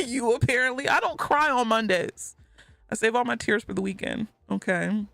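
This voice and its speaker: A woman's voice: fairly high pitch, expressive, normal speed, vocal fry, a bit bright, dry recording, faint music behind. A woman streaming live and reading chat messages aloud, talking in a casual way and laughing often.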